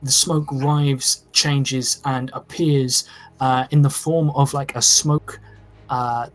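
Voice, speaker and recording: A man's voice: medium pitch, little pitch movement, takes it slowly. A man narrating a tabletop game as game master in a loose, casual way, with lots of "uh" and "like". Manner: casual, hesitant narration full of "uh" and "like".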